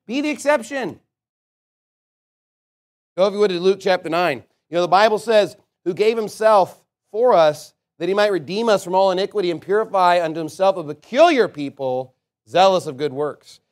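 Pastor guy preaching hard, pretty high voice, gets loud then drops quiet. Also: lively intonation, normal speed. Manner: emphatic preaching that swings between loud and soft. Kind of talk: sermon.

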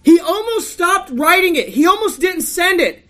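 A woman's voice: extremely high pitch, expressive, moderate pace, fairly bright tone. A woman reading scripture and preaching an emphatic, rebuking sermon.

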